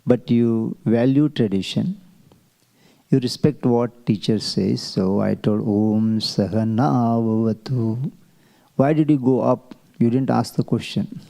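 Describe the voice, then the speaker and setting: A man teaching a Vedic chanting class, explaining slowly and asking rhetorical questions. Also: mid-range voice, creaky, mellow. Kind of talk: classroom lecture.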